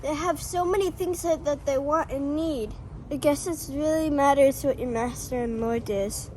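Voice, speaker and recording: A woman's voice: sits high, moderate pace, noisy background, natural voice. A woman voicing a thoughtful, wise sheep who earnestly explains things to the flock in an amateur scripture drama. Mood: reflective.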